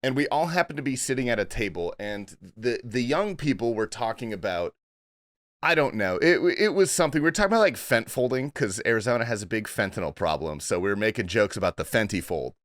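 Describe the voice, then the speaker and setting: A man hosting a podcast, telling a story in animated, laughing, profane casual chat. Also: on the low side, brisk, no echo, studio quality. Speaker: podcast host.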